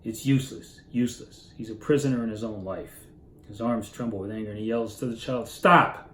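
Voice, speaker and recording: A man's voice: fairly low pitch, steady tone, a little fast, warm tone. Roomy-sounding man teaching literature casually. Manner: conversational, poses rhetorical questions. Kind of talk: casual classroom lecture. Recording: roomy echo with faint background noise.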